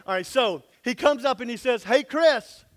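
A man's voice: extremely high pitch, fairly quick, fairly bright tone. A man preaching a sermon, reading scripture aloud and then explaining it in a folksy, plain-spoken way. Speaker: pastor.

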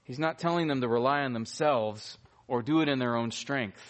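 A man's voice: medium pitch, normal speed. A man preaching a sermon as pastor, emphatic and repeating key phrases for weight.

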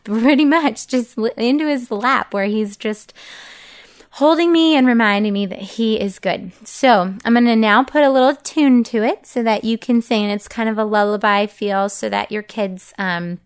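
A woman's voice: on the high side, unhurried, clear, resonant tone. A woman in her thirties, a mother teaching other parents how to learn Bible verses with their children, talking casually, earnestly and encouragingly, and walking through each step.

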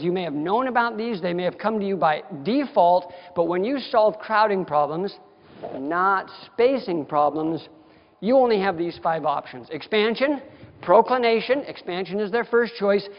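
A man giving a continuing-education lecture to dentists, folksy, direct and emphatic in manner. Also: sits high. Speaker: dental lecturer. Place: lecture hall. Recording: dull sound with long hall reverb.

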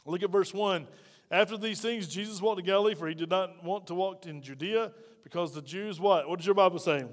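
A man with a fairly high voice delivers a conversational sermon, wearing a lapel mic. He acts out the scripture quotes with sudden loud bursts, then drops to quiet asides. The sound carries the long reverb of a church hall. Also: fairly quick. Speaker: pastor.

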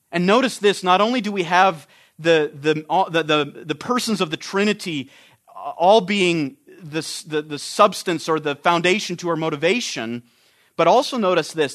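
A man's voice: a little high, fairly bright tone. A man preaching an expository sermon, earnest and emphatic, often restarting his phrases.

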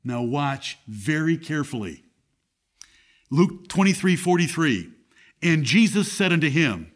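A man's voice: a little high, sing-song, a little slow. A man preaching a sermon as pastor, reading scripture aloud with strong emphasis.

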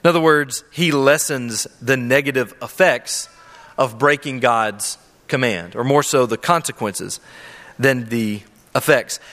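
A man's voice: medium pitch, measured pace, fairly bright tone. A man preaching a sermon to a congregation in a church, earnest and emphatic, asking rhetorical questions. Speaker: pastor. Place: church sanctuary with a live audience. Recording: long hall reverb.

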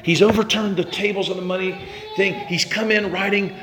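A man preaching a sermon, talking straight to his listeners with questions, swinging between loud emphasis and hushed, quiet passages. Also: high voice, steady tone, brisk, a crowd in the background. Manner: speaks directly to listeners with questions.

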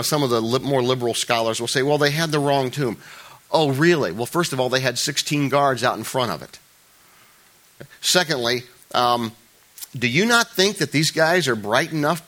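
A man's voice: mid-range voice, a bit bright. A man preaching a conversational sermon as a pastor, informal and chatty, with joking asides and frequent restarts.

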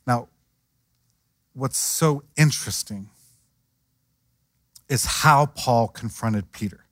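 A man's voice: medium pitch, slow, fairly bright tone, no echo, studio quality. A man preaching a sermon in a conversational way, acting out the voices of the people he quotes. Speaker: pastor.

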